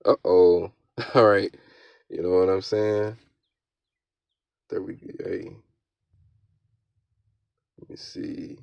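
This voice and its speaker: A man giving casual, slang-heavy scripture commentary, often tagging his lines with "all right?" and reading verses aloud slowly. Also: deep voice, flat delivery, creaky, smooth, no room sound. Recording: dull, lo-fi, dry sound.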